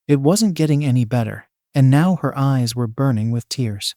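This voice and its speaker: A man reads a fan fiction story aloud as narrator, in a plain and even storytelling voice. His pitch sits in the middle of the male range. The sound is dry and close to the mic. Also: normal speed, few pauses, no room sound.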